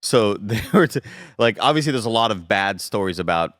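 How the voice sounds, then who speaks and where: Podcast co-host, man, low voice, relaxed explainer, dry close mic. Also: a little fast, dry recording. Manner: relaxed, joking, uses fillers. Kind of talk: casual chat. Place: podcast studio.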